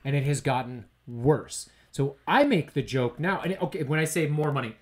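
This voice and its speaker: A man co-hosting a talk podcast, his voice sitting a bit high and swinging widely in pitch as he rants. He talks with emphatic, animated drive, building his points in casual political chat. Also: normal speed. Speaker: podcast co-host.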